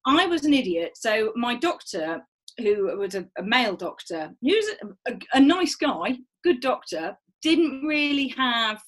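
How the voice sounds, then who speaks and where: A woman in her thirties telling a frank, animated personal story in casual chat, acting out quoted voices. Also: on the high side, unhurried, rough recording.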